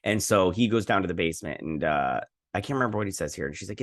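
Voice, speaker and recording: A man hosts a casual episode recap, rambling along as he quotes the characters. His voice sits low but swings up and down with lively pitch. The sound is dry and close to the mic. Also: quick pace, no room sound. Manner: rambling, animated retelling with quoted lines. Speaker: host.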